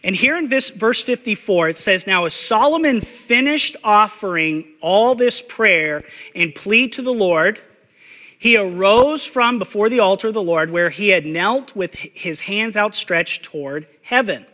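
A male pastor preaching with a high, bright, forceful voice that carries a long hall reverb. He is blunt and emphatic, hammering phrases through repetition and scattering "uh" fillers as he goes. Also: animated, unhurried. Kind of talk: sermon.

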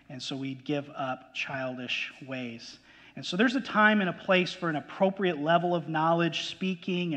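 A man preaching a sermon as pastor, emphatic and pausing to ask the congregation questions. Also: fairly high pitch, fairly bright tone. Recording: long hall reverb.

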